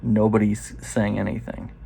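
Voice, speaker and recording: A man's voice: fairly low pitch, little pitch movement, vocal fry, dark tone, a little hiss or hum. A man in his forties telling a loose, profane story in a casual first-person way. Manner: loose and profane, quoting others in quick asides.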